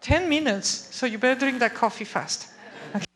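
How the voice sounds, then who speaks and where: A woman's voice: sits high, fairly quick, fairly bright tone, slight background noise. A woman giving an academic lecture in a conversational way, often checking in with her audience. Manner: conversational, checks understanding with frequent "okay?" and "right?". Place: lecture room.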